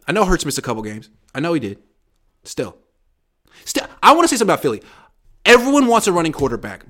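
Animated man talking sports. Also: fairly high pitch. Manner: animated, emphatic, restarts often. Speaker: podcast co-host. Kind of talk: casual sports chat.

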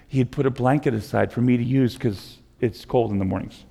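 Impassioned pastor in a reverberant hall. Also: male voice, mid-range voice, fairly quick, vocal fry, dark tone. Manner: conversational, repeats words, builds to impassioned pleas. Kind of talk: sermon. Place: church sanctuary.

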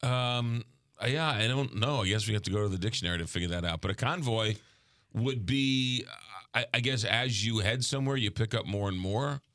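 A man's voice: on the low side, fairly bright tone, dry recording, clean studio sound. A man with a New York accent hosting a morning radio show, chatting casually with frequent ums and uhs. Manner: halting, lots of ums and uhs. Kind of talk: casual on-air chat.

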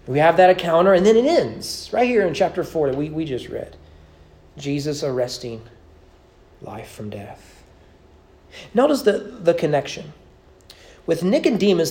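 A man preaching a sermon as pastor of a church, repeating key phrases, building to emphatic peaks and dropping to soft, low endings. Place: church sanctuary.

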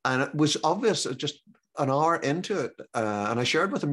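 A middle-aged man hosting a conversational interview as a business coach, rambling and halting with many fillers and restarts. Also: fairly high pitch, expressive, fairly bright tone. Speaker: podcast host and business coach.

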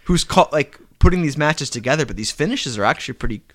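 A man co-hosting a casual chat show, recapping wrestling and acting out the wrestlers' lines in quick voices. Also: a little high, expressive. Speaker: podcast co-host.

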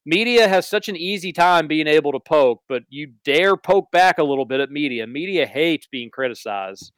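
A man's voice: a little high, expressive, moderate pace, a bit bright, no echo. A man hosting a sports talk show, giving opinions in a casual, conversational way. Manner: opinionated, conversational, reads ad copy. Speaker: sports radio host.

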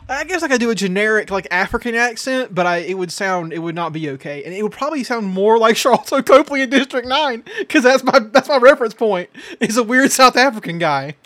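A man with a high voice co-hosts a podcast in loose, casual chat. He jokes, swears freely and rambles from one tangent to the next. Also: lively intonation, brisk, hardly any pauses, fairly bright tone. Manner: joking, profane, rambling. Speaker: podcast co-host.

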